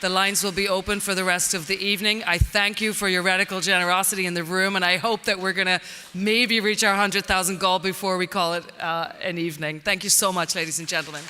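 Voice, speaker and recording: A man with a high, very bright voice delivers a fundraising speech, earnest and thankful toward the donors. His voice rings through a large hall with a long reverb. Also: level tone, quick pace, slight background noise. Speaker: foundation speaker.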